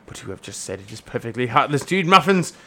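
A man reading lines from a comic play in a relaxed read-through. He is playful and loose with the script. His voice is middle in pitch. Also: quick pace. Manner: playful, breaks off laughing. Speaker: amateur reader of a play.

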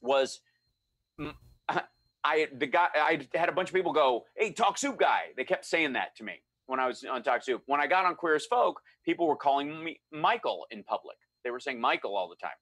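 Bright-voiced man telling a story. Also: a little high, fairly quick, dry recording. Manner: animated, acts out quoted voices. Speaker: guest storyteller. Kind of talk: casual storytelling chat.

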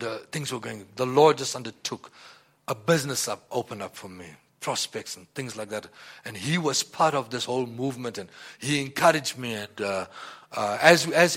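A man giving a personal testimony in a rambling, halting way, often repeating "you know" and "like that.". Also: medium pitch, fairly bright tone. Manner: halting, many restarts and fillers. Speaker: church member giving testimony.

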